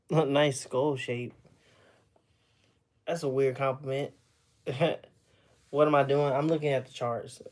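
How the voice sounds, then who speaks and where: A man's voice: mid-range voice, fairly even intonation, slow pace, pauses often, darkish tone. A young man talks to his livestream viewers while still out of breath from a run. He rambles along in a tired, easygoing way, with a mid-range voice and short gasps between phrases. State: out of breath after running. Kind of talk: casual livestream chat.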